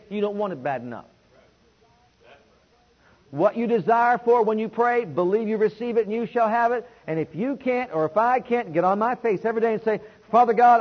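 A high-pitched, husky-voiced man preaching a sermon, leading his congregation in call-and-response. His delivery swings between loud stretches and hushed ones. The recording is dull and lo-fi. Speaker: pastor.

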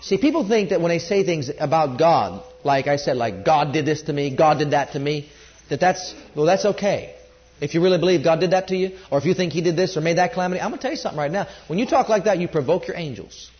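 A man preaching a sermon, rising loud on key points and dropping low when quoting scripture. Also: quick pace, muffled recording.

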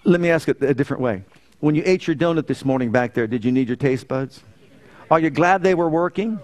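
A male pastor preaching a sermon in a church. His voice sits a little high. He tells stories, rising to loud emphasis and then falling to quiet, earnest lines. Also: brisk.

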